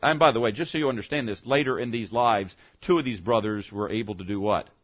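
A male pastor preaching a sermon, asking the congregation rhetorical questions and dropping his voice low for quoted speech. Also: fast, hardly any pauses, dull audio.

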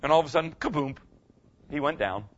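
In a muffled recording, an older male pastor gives a folksy, conversational sermon, often asking the audience "okay?" to check in with them. His voice is on the high side, animated, and fast.

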